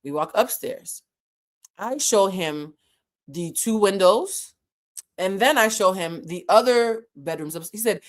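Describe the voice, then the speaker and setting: A woman vlogger telling a story in a casual, animated, blunt way, with frequent swearing. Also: mid-range voice, measured pace.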